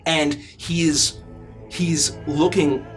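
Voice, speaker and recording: A man narrating a tabletop game as game master, slow and halting with frequent fillers. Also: fairly high pitch, fairly even intonation, soft background music.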